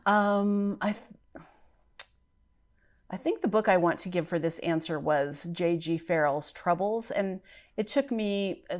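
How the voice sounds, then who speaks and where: Chatty woman with a lowish voice. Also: a little mellow. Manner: chatty, thinking aloud. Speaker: book vlogger. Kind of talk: casual chat.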